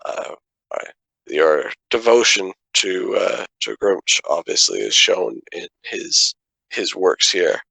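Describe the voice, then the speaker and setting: A man taking part in a tabletop game, half in character, pausing and restarting as he hunts for words. His voice sits low with a gravelly fry, recorded close and dry. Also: big pitch swings, sharp tone, dry recording, poor audio. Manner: halting, many fillers and restarts. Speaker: player. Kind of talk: tabletop role-play, speaking in character.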